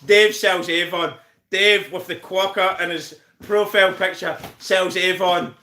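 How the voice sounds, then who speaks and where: Northern irish guy on a live stream, high voice, cursing and laughing while he roasts people in the chat. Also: flat delivery, a little slow, bright, forceful tone, roomy sound. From Northern Ireland. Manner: laughs constantly, swears, teases viewers by name. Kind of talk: casual live stream banter.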